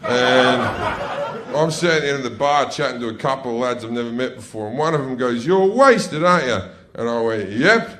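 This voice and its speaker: A man's voice: mid-range voice, fairly even intonation, a little fast, fairly bright tone. A man with an Australian accent doing profane stand-up comedy on a club stage, telling a brash story to a laughing audience.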